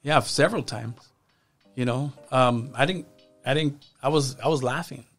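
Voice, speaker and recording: A man speaking as a podcast guest, telling his life story in a halting way and often repeating his words. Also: mid-range voice, a bit bright, soft background music. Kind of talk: personal testimony in casual conversation.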